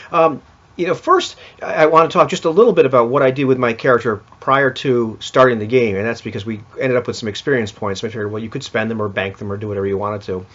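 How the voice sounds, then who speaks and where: A man's voice: medium pitch, a bit bright. A man casually recapping a tabletop game session, rambling with many restarts. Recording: dull lo-fi recording.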